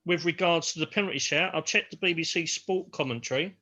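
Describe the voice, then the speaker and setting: Bright high-voiced man on lo-fi audio. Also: brisk. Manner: chatty, reads out posts. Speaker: panelist reading forum posts. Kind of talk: live match chat. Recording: lo-fi home audio.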